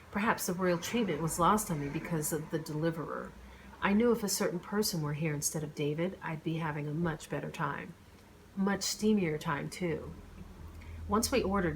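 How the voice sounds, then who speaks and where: A woman with a somewhat low voice reads a first-person romance novel aloud. Her delivery is measured and expressive, giving her own quoted lines a lift. The reading is steady and intimate. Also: a little hiss or hum, low-quality recording. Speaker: audiobook narrator. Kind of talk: first-person audiobook narration.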